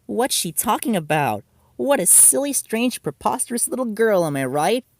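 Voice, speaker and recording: A man voicing a bossy two-faced teen girl, raised pitch, lively swings, dry storybook voice. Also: moderate pace, no room sound. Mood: sweet. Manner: snapping, shouting. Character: hot-tempered teenage girl, two-faced bully.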